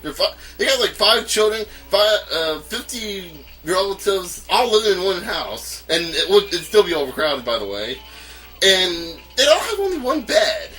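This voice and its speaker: A man's voice: high-pitched, very animated, moderate pace, pushed and bright, poor audio. A man from North Carolina giving casual, rambling commentary while playing a game, stammering and chuckling often. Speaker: let's play host. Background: game music.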